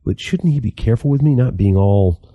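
A man's voice: mid-range voice, expressive, fairly quick, no room sound, phone-quality sound, pitched above the performer's own voice, natural voice. A man voicing a tired, anxious young apprentice in an audiobook, pleading and strained. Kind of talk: audiobook character reading.

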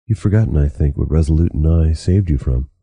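A man's voice: a bass voice, brisk, warm tone, slightly rough, no echo, lo-fi sound, full character voice. An author reading aloud, voicing a friendly, easygoing male traveler who talks lightly.

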